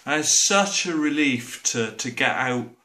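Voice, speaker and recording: Bright-voiced Bristol-accented man, rambling comically. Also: mid-range voice, lively intonation, a little slow. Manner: rambling, broad dialect grammar. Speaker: comic professor character. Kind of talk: deadpan comic monologue.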